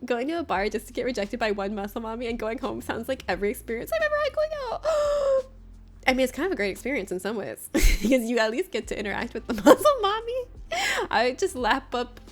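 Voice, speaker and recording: Chatty laughing woman, a bit high. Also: lively intonation, fast talker. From Florida. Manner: chatty, laughs often while telling stories. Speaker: livestreamer. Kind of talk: casual chat with viewers during a game stream.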